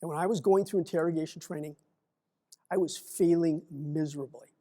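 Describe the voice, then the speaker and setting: A middle-aged man giving a keynote speech, telling an animated story and acting out the dialogue. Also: on the high side, brisk. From United States. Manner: animated, acts out the dialogue in his stories. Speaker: keynote speaker.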